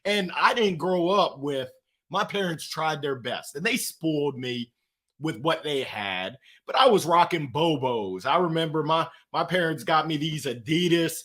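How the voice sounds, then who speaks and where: Man, high voice, bright and forceful, energetic motivational storyteller. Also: a little slow. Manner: energetic, preachy, slangy storytelling. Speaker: guest, author. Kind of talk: motivational interview talk.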